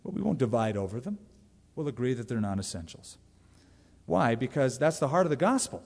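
A man's voice: medium pitch, big pitch swings, a little fast, gravelly, a little mellow. Emphatic male preacher in a reverberant hall. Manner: emphatic, conversational preaching with asides. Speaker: pastor. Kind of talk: sermon.

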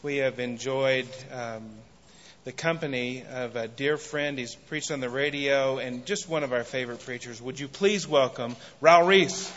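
A man introducing a guest preacher at a church service, speaking warmly with small pauses. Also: mid-range voice, noisy background. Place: church sanctuary. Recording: dull recording in a big reverberant hall.

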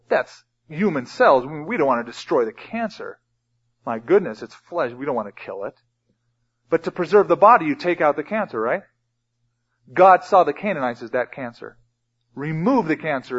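A man preaching a sermon as pastor, emphatic and reading scripture aloud. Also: a little high. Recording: dull lo-fi recording.

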